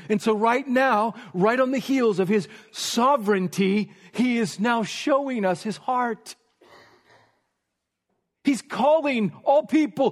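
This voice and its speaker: Slow, high-voiced man preaching in a hall. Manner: emphatic, repeating phrases, dropping to a hush for stress. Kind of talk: sermon. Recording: long reverb of a large hall.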